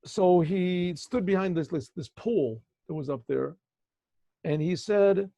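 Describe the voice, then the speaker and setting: Speaking at a measured pace, this rabbi has a high, creaky, mellow voice and no room sound. He tells a teaching story over a video call with dull lo-fi audio, chatting, wandering off on tangents and asking his listeners questions.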